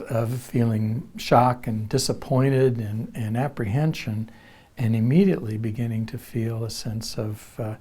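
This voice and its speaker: A man who teaches counseling at a university, earnestly recounting a personal experience in a reflective, measured way. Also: fairly low pitch, dark tone, breathy edge. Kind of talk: personal storytelling.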